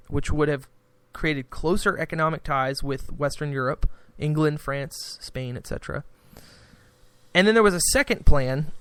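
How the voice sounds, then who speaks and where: A man's voice: fairly high pitch, fairly bright tone, clean tone, dry recording. A man hosting a podcast, rambling through casual political commentary with frequent restarts. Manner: rambling, restarts, acts out quoted exchanges. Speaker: podcast host.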